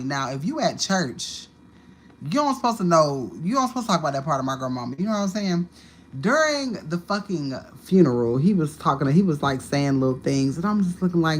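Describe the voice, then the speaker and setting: A woman's voice: fairly low pitch, brisk. Woman, livestream host, profane storytelling, faint background hiss. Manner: profane, animated storytelling with sudden loud outbursts. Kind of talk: casual livestream monologue.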